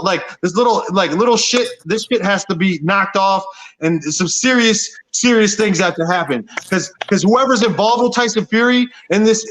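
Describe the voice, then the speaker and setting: A man's voice: high voice, fairly bright tone, slight background noise, rough recording. A man, a boxer, ranting angrily and profanely, rambling with many restarts. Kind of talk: heated rant.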